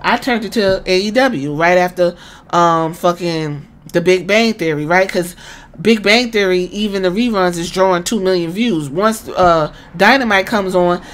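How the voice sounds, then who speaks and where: Speaking at normal speed in a voice on the low side, a woman hosting a podcast recounts a story with lively energy. She swears a lot and plays each character herself, keeping the tone casual.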